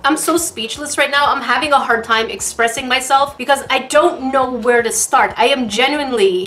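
Gushing excitable young woman unboxing. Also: high-pitched. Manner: gushing, excitable, chatty with many restarts. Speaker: crafting YouTuber. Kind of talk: casual unboxing chat.

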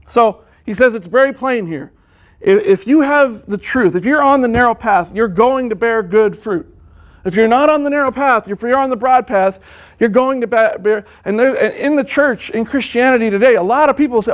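Earnest male preacher with a high voice, sermon delivery full of restarts. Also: moderate pace. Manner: earnest, repeats words and restarts often; quotes scripture at length.

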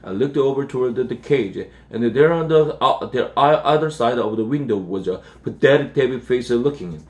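A man, an English teacher, reading a children's novel aloud, halting and often restarting words. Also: medium pitch, a little mellow. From South Korea. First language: Korean.

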